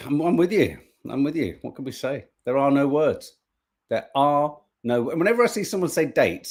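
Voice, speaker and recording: A man's voice: fairly high pitch, normal speed. A male podcast co-host in casual chat, reading out viewer comments with jokes and free swearing. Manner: jokey, animated, swears freely.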